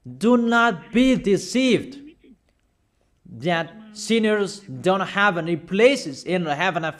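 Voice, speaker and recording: High-voiced man preaching emphatically. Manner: emphatic, repetitive preaching, reads out verses. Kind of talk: sermon.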